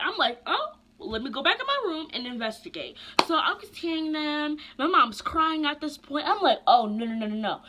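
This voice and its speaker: There's slight background noise as a young woman vlogger spins a casual storytime in a crisp, bright, slightly high voice. She talks animatedly, tossing out slang and fast asides.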